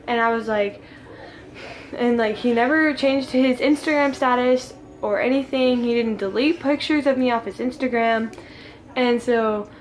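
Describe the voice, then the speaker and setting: Teen girl vlogger, casual rambling storyteller, high-ish voice, giggles often. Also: slight background noise.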